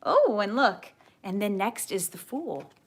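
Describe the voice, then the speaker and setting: A woman giving a tarot card reading to camera, gentle and earnest, often repeating her key phrases. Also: medium pitch, very animated, measured pace, breathy edge. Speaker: tarot reader.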